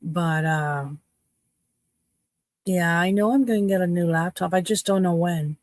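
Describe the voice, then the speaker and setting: A woman's voice: lowish voice, a little slow, darkish tone, dry recording. A woman in her fifties from Canada, casually chatting with her livestream viewers in a cheeky, playful way. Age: 50s. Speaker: livestream host.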